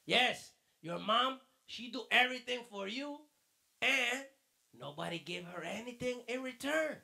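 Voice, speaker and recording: High gravelly man teaching kids. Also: animated, measured pace, pushed and bright. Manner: fatherly, calls the listener mijo. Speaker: children's church teacher. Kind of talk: children's lesson and quiz. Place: church.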